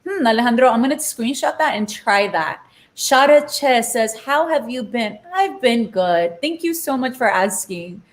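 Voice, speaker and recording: A woman's voice: on the high side, normal speed, echoey room. A young woman from Los Angeles hosting a casual cooking live stream, chatting and ranting while she cooks and slipping in Spanish phrases. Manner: chatty, mixes in Spanish phrases, animated rants. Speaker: cooking show host. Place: home kitchen.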